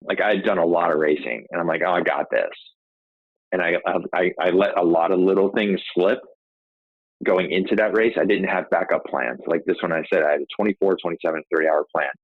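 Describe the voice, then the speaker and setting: Man, very low voice, casual rambling storytelling, tinny phone-like sound, dry. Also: fairly quick, no echo. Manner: rambling, frequent restarts and "like" fillers. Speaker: podcast host telling his own story.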